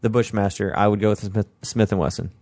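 A man's voice: fairly low pitch, steady tone, fast talker, darkish tone, no room sound. A man hosting a podcast in casual chat, teasing his co-host.

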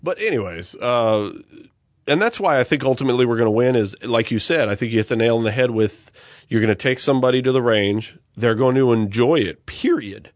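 A man's voice: mid-range voice, dry recording. Man ranting animatedly on a podcast, dry. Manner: animated ranting, quick to laugh. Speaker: podcast co-host. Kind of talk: casual chat.

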